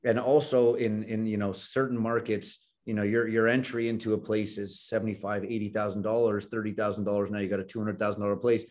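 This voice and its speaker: A man's voice: fairly low pitch, level tone, fairly quick, hardly any pauses, a little mellow. A man co-hosting a podcast, asking earnest, conversational questions. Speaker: podcast co-host. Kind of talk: podcast interview.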